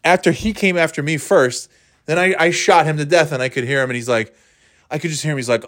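A man casually rambling about video games as a dad, cussing freely and breaking into loud mock quotes. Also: a little high, fast, no room sound, clean studio sound.

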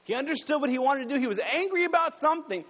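High-voiced pastor preaching in a reverberant hall. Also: male voice, lively intonation, quick pace. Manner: conversational preaching, rises high and loud when pressing a point. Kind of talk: sermon. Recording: dull sound with long hall reverb.

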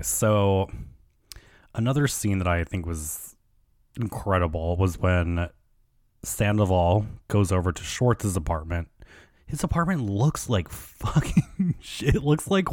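A man with a fairly low voice hosts a casual solo podcast. He rambles through gossip with loose fillers and frequent swearing. The sound is dry and close, with no room echo. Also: a little mellow. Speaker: podcast host.

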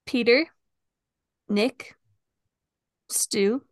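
A woman with a high voice co-hosting a casual podcast, giving short, relaxed replies and guessing aloud. The sound is close and dry. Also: drawn-out words, no echo. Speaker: podcast co-host. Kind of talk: casual game chat.

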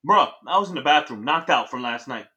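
An actor playing an excitable young man who swears loudly and tells a frantic story in slang, in an audio drama. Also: medium pitch, brisk, dull audio. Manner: loud, agitated storytelling with slang. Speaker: Trey, a young man who saw the Grim Reaper.

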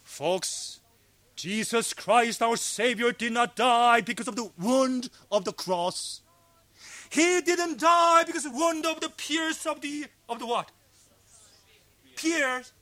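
This dry recording captures a pastor delivering a sermon to a fellowship gathering in his non-native English. His voice moves from loud cries down to quiet, low tones.

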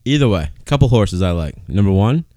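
A man's voice: lowish voice, lively intonation, fairly quick, dark tone, dry recording, clean studio sound. A man co-hosting a casual podcast chat, rambling loosely and swearing now and then. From Maine. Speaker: podcast co-host.

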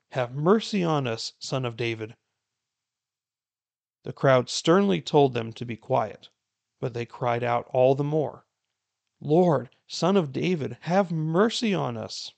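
Gravelly-voiced man reading scripture aloud. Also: medium pitch. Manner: earnest, unhurried reading that turns to warm casual commentary. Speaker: Bible reading plan host.

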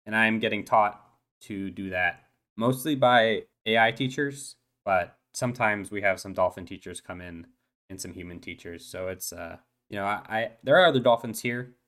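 A man plays a shy eight-year-old dolphin schoolboy who rambles nervously, stammering and restarting his sentences. The voice stays fairly low. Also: normal speed, a bit bright, lightly acted. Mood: hesitant, nervous. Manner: hesitant, stammering, full of ums and restarts. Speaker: player. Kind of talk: tabletop role-play, in character.

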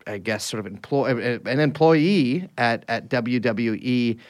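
A man hosting a podcast in loose, casual conversation. He rambles and restarts his sentences often, with a voice of middling pitch. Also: animated, measured pace. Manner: chatty, rambling with frequent restarts and fillers. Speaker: podcast host.

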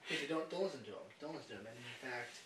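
A man's voice: mid-range voice, expressive, racing, a crowd in the background. A man co-hosting a podcast in casual chat, telling a story with animation and acting out the other voices. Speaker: podcast co-host. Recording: echoey room, mic at a distance.

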